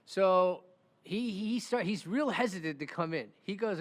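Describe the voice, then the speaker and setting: A high-pitched man tells stories on his podcast in an animated, chatty way, often checking in with "right?". His voice rings with a long reverb, as if he is in a large, echoey room. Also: moderate pace. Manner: animated, keeps asking "right?" and acts out the people in his stories. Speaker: criminal defense attorney and podcast host. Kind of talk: casual storytelling chat.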